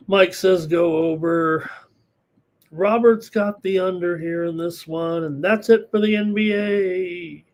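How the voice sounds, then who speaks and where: Male betting-show host, hoarse, slightly high voice, casual rambling live analysis. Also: takes it slowly, long pauses, darkish tone. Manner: rambling, thinks aloud with fillers. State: hoarse, losing his voice.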